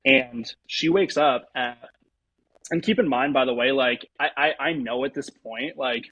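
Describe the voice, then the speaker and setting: A young man, a pro baseball pitcher, telling a personal story as an interview guest, rambling with lots of fillers. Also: unhurried, a bit bright, breathy edge, lo-fi sound.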